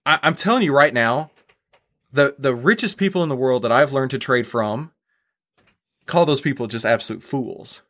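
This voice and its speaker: A man being interviewed as a guest on a podcast, explaining his approach in a relaxed conversational way, often restarting words and checking in with "right?". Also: medium pitch, normal speed. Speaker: guest, stock trader.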